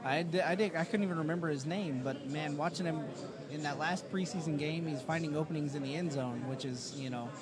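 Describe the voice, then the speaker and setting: Eager male co-host with a slightly high voice, live at a sports bar over loud crowd noise. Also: brisk. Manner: eager, rambling, many restarts. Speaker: fantasy football podcast co-host. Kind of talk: casual live sports chat.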